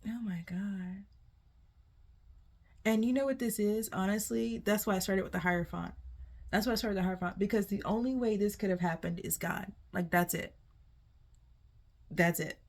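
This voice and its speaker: A woman doing a casual tarot reading for viewers, animated and laughing often, swearing freely. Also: mid-range voice, moderate pace, pauses often. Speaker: tarot reader.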